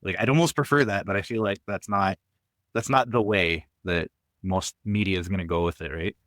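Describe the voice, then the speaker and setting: A man's voice: deep voice, a little fast, fairly bright tone, no echo. A Canadian man with a Canadian accent, co-hosting a podcast and chatting casually in an opinionated, emphatic way. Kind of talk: casual chat.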